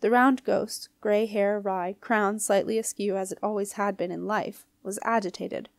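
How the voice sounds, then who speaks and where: Female audiobook reader, expressive storytelling, mid pitch, very dry sound. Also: normal speed, no echo. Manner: clear, expressive reading. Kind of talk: storybook narration.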